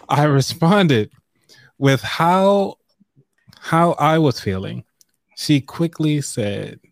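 A man's voice: on the high side, drawn-out words, pauses often, dry recording. A man hosting a live online money show, chatting casually with fillers and reading a book passage aloud. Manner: relaxed, loose, with fillers and throat clearing.

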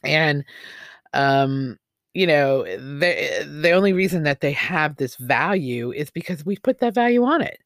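A man's voice: fairly high pitch, animated, unhurried, a bit bright, no room sound. Rambling opinionated man, dry sound. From United States. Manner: rambling, opinionated, with many fillers and restarts. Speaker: podcast host. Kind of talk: casual opinion monologue.

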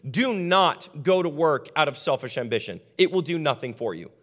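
A man preaching a sermon as pastor, building repeated lists and dropping his voice low and quiet for emphasis. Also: lively intonation, moderate pace, long reverb tail.

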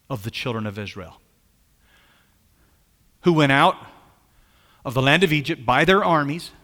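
A man with a high, bright voice preaches a sermon as pastor. He talks in an animated way, repeats his phrases and keeps asking his listeners questions. His voice carries a long reverb, as in a large hall.

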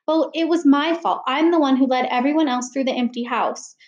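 A woman's voice: sits high, a little fast, darkish tone, highs cut off, voice pushed up, lightly acted. A woman reading as an earnest young boy. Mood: pleading. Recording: roomy echo.

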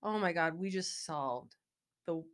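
A woman in her forties with a Midwestern accent, co-hosting a podcast in casual chat, playful and quick to laugh. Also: lowish voice. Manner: laughs often, animated and playful. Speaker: podcast co-host. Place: recorded in Wichita, Kansas.

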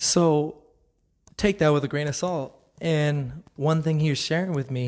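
A man's voice: fairly high pitch, a little slow, a little mellow. A man giving a casual devotional talk, earnest and conversational, often laughing. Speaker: Christian speaker.

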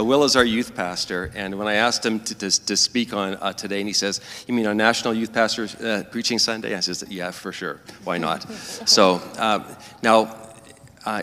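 A man serving as pastor, introducing a speaker and praying in a gentle, unhurried way during a church service. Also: on the low side. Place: church sanctuary. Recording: reverberant church hall.

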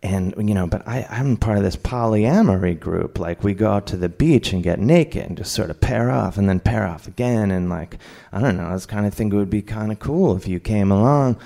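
A man telling a comic personal story on stage, lively and laughing, acting out other people's lines. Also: on the low side, fairly quick, vocal fry. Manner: animated, laughing, acts out voices of others. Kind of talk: live comedic storytelling.

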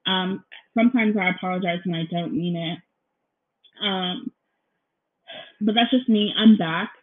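A woman's voice: fairly low pitch, a little slow. Young woman, podcast host, rambling casual chat, apologetic, lots of ums, tinny phone-like laptop sound. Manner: rambling, apologetic, frequent ums and "you guys"; nervous, feels out of breath. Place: her apartment. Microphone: laptop recording, headphones in.

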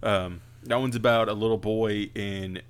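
A man co-hosting a casual podcast, animated and joking, quick to laugh. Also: fairly low pitch, smooth. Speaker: podcast co-host.

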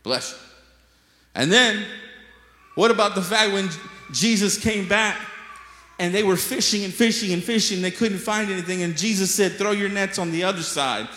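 A man's voice: high voice, normal speed. A man preaching a sermon to a congregation, telling stories playfully and acting out the voices of the people in them. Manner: lively storytelling preacher, acts out voices, jokes with the congregation. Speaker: pastor. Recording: echoey hall with long reverb.

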